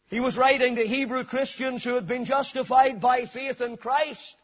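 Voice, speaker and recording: Husky high-voiced preacher, lo-fi sermon. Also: male voice. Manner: swings between soft intimate appeals and loud shouted climaxes.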